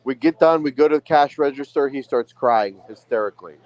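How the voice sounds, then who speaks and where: A man in his thirties, a podcast co-host, telling a profane, animated story in casual chat over a phone call. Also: medium pitch, brisk, no echo.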